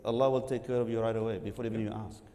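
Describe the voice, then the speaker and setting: A man tells an animated story to a gathering, laughing often and acting out lines in other voices. His voice is mellow and mid-pitched, and it rings in a long hall reverb. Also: rapid-fire. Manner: lively, laughing, acts out quotes. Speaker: co-speaker at a religious gathering.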